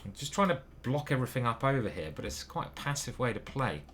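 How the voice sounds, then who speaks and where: A man's voice: mid-range voice, sing-song, fast, fairly bright tone, a little hiss or hum. Man muttering through chess moves. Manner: muttering move by move, hesitant self-questioning. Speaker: chess grandmaster commentating his own games. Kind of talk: thinking aloud while playing online chess.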